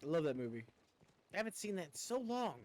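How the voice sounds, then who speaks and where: A man's voice: on the high side, big pitch swings, quick pace. Rambling, stammering male game streamer. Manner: rambling, stammering, self-mocking. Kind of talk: casual gameplay commentary.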